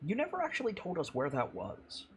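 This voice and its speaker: A man chatting casually as a player in a tabletop game, quick and full of fillers. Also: high voice, huge pitch swings, a little hiss or hum.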